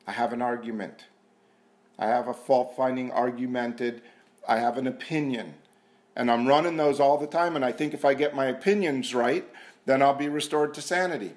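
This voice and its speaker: A man giving an earnest, self-mocking personal testimony at a recovery meeting, repeating himself and sometimes dropping to a hushed voice. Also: mid-range voice, fairly even intonation, normal speed. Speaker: speaker sharing at a recovery meeting. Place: meeting room.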